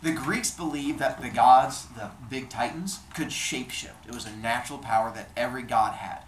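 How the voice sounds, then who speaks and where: A man's voice: mid-range voice, normal speed, a little hiss or hum. A man telling Greek myths in a playful, chatty comedic style, recorded in an echoey room. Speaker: storyteller. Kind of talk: casual comedic storytelling of myths.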